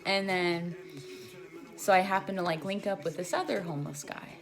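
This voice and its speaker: A woman's voice: on the low side, steady tone, moderate pace. A young woman in her twenties telling a long, rambling personal story in a casual vlog, full of "like" fillers. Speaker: vlogger. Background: music.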